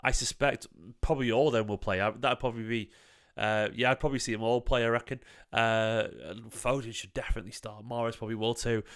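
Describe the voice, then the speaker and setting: A man's voice: medium pitch, steady tone, quick pace, fairly bright tone, clean tone. A man hosting a livestream reaction to a football match, talking casually, swearing now and then and repeating phrases for emphasis. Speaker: fan channel host.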